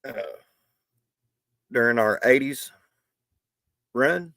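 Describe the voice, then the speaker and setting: A man's voice: mid-range voice, drawn-out words, fairly bright tone, dry recording, studio quality. A middle-aged man hosting a live stream, talking in a rambling, folksy way with many restarts. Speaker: livestream host. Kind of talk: casual live stream talk.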